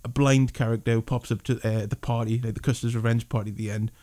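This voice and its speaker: A man's voice: medium pitch, fairly even intonation, fast talker, warm tone. A man casually reviewing a film with a friend, rambling, restarting often and laughing a lot.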